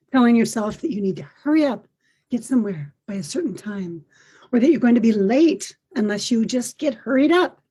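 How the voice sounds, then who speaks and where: Warm, husky older woman telling a story. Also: fairly high pitch. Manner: gentle, reflective storytelling. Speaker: podcast host. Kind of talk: personal storytelling monologue.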